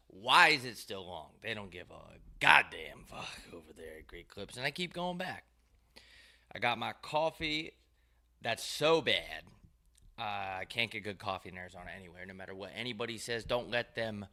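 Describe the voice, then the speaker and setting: A man's voice: on the low side, bright, forceful tone. A man hosting his own show, telling rambling, profane, wry stories in a loose monologue. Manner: profane, wry, ranting storyteller. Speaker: show host.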